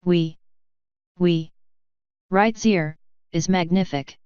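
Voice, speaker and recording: A woman voicing a fussy mare spa masseuse with a French accent, speaking slowly and emphatically. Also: lowish voice, darkish tone, smooth, no echo, highs cut off. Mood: blissful.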